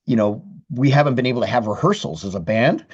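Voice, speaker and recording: A man's voice: medium pitch, expressive, quick pace, breathy edge, lo-fi sound. A man, a guitarist guest in a casual interview, talking candidly with frequent restarts and swearing. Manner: candid, profane, many restarts.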